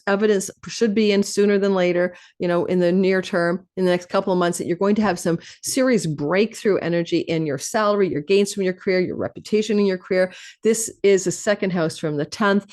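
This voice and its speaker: Woman astrologer host, rapid and animated delivery, stacks phrases into lists. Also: medium pitch. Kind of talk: fast-talking astrology forecast monologue.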